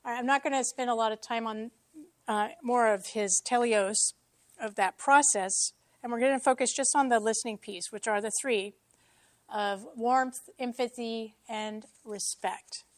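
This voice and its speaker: A woman speaks to a church congregation in a casual teaching style. She jokes about herself and drops quick asides. Her voice sits fairly high, and the sound is dry and close. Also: no room sound. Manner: self-deprecating, joking, lively asides.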